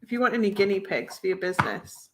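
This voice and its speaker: A woman's voice: medium pitch, fairly even intonation, fast talker, background noise. A woman reading cards on a live stream, chatting casually and encouragingly with viewers as she reads out their comments. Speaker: tarot reader hosting a live stream.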